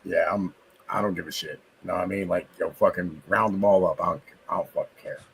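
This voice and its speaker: A man's voice: low-pitched, fairly even intonation, fast talker, creaky, breathy edge, low-quality recording. A man who drives trucks, talking bluntly in casual chat, packed with curses and fillers. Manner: heavy cursing, filler-laden, blunt.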